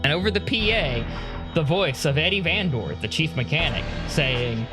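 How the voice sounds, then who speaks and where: A man narrates a tabletop game as game master in a casual, rambling way. He fills pauses with "uh" and "you know", and faint music sits underneath. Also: on the high side, expressive. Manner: casual, rambling with many fillers.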